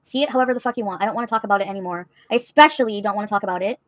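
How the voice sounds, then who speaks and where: A woman's voice: medium pitch, racing, no echo. A woman livestreamer answering her chat in a heated, profane, confrontational rant.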